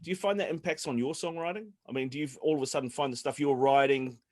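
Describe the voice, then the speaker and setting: A man's voice: a little high, quick pace, a little mellow. A man from New Zealand co-hosting a chat show, talking easily and rambling with fillers over a video call. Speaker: podcast co-host.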